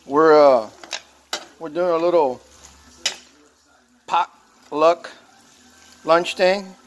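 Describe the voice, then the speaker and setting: A folksy man with a Texan drawl rambles through a how-to vlog, his voice sitting a little high for a man. Faint clatter of dishes and cutlery sits behind him in the shop. He talks loosely, with plenty of uhs and restarts. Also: very slow, slight background noise. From Texas. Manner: rambling, folksy, filler-heavy talk. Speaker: mechanic shop worker sharing a recipe.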